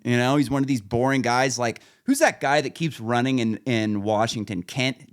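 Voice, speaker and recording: A man's voice: mid-range voice, moderate pace, hardly any pauses, clear, resonant tone. A man hosting a podcast, telling rambling, profane stories in casual chat and laughing at his own punchlines. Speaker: podcast host.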